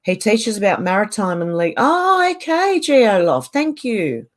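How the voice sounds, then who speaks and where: A woman's voice: medium pitch, very animated, unhurried. A woman hosting a casual livestream, reading viewers' comments aloud and answering them in a chatty way. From Australia.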